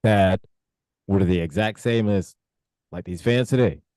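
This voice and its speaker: A man with a low, dark, mellow voice chimes in on a wrestling chat with short, laid-back remarks. The recording is dry and close. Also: measured pace, no echo. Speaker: podcast co-host.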